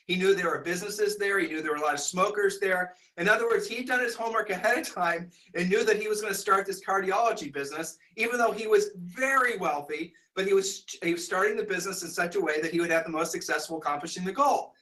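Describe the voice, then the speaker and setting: A man telling a long story to an audience in a rambling, animated way, full of restarts. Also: sits high, quick pace, hardly any pauses, low-quality recording. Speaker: speaker telling a sales story.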